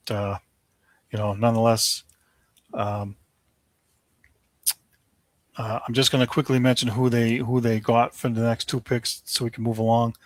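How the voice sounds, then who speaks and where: A man's voice: medium pitch, dry recording. A man hosting a sports talk podcast, giving opinionated commentary in a casual, ranting way with lots of fillers.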